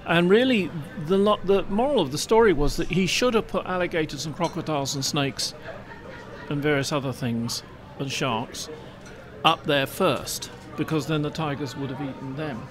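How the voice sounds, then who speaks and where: A man's voice: on the high side, moderate pace, crowd noise. A man hosting a casual panel podcast, telling long stories with many fillers. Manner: rambling storyteller, hesitant fillers. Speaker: podcast host.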